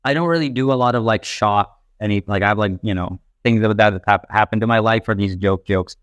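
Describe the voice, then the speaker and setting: A young stand-up comedian from a Pakistani family who grew up in Texas, telling stories in a rambling, animated way full of fillers. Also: male voice, on the low side, brisk, clean tone, dry recording. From Pakistani family, raised in Texas, later Canada. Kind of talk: casual interview talk.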